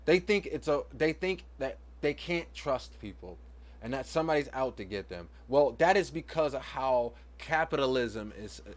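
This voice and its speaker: A man's voice: mid-range voice, expressive, normal speed. Rambling, philosophizing man vlogger. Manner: rambling, philosophizing, repeats himself. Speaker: vlogger and parent. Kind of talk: casual rambling monologue.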